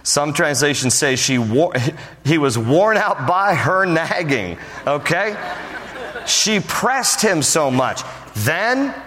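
Humorous, animated male preacher. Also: mid-range voice. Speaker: pastor. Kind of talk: sermon. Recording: long reverb of a large hall.

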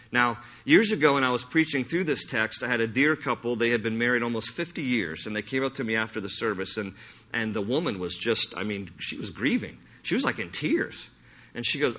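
Bright-voiced preacher telling animated stories. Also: male voice, mid-range voice. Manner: animated storytelling with laughs and restarts. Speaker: pastor. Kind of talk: sermon.

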